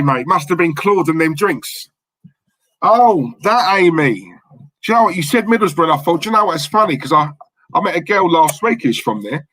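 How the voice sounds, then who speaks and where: Casual male livestream host, cheeky banter, mid pitch, dry close mic. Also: sharp tone, dry recording, rough recording. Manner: chatty and cheeky, many fillers and repeated words. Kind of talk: casual chat reading live comments.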